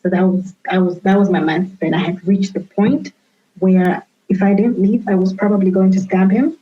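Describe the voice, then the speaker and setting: A woman guest telling her own story candidly in a reflective way, often pausing and restarting her sentences. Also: mid-range voice, fairly even intonation. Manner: reflective, with frequent fillers and restarts. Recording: dull lo-fi sound.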